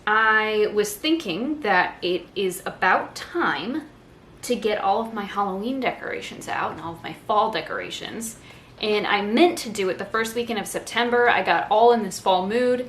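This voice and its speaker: Sitting on the floor of her living room, a young vlogger sorts through her decorations while chatting casually, rambling and teasing herself. She speaks at normal speed in a medium-pitched, fairly bright voice, in an echoey room with faint ambience.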